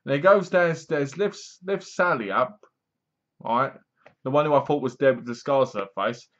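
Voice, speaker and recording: A man talks through a horror film review in a loose, rambling way. He is frank and sometimes trips over his words. His middle-pitched voice comes through a slightly muffled, lo-fi recording. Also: normal speed. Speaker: movie reviewer. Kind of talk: casual spoken review.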